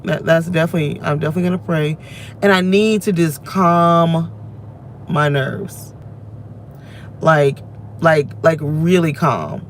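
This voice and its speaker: Deep-voiced and slow, with long pauses and slight background hiss or hum, a woman in her thirties talks from her car. The vlogger vents to the camera in an emotional, meandering, self-reflective rant.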